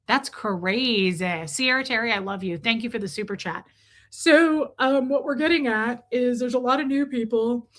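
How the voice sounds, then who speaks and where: A woman's voice: fairly high pitch, moderate pace. A woman hosting a livestream, chatting casually and effusively thanking her viewers. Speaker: livestream host.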